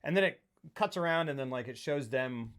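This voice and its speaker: A man's voice: medium pitch, expressive, a little fast, fairly bright tone. A man co-hosting a casual film talk show, rambling and acting out movie quotes in funny voices. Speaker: podcast co-host.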